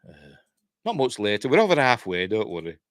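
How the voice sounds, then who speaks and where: A man's voice: fairly low pitch, wildly swooping pitch, fairly quick, no echo, clean studio sound. A man with a Yorkshire accent hosting a live news stream, chatting in a rambling way, laughing often and reading out viewer comments. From Yorkshire, England.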